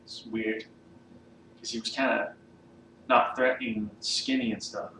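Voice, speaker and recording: A man's voice: on the low side, steady tone, unhurried, sharp tone. Casual male vlogger, rambling and profane, heard from a distance in a roomy space with faint hiss. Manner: rambling, loose, swears often, many fillers. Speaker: vlogger ranking comedians. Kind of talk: casual unscripted monologue. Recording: echoey room, mic at a distance, faint background hiss.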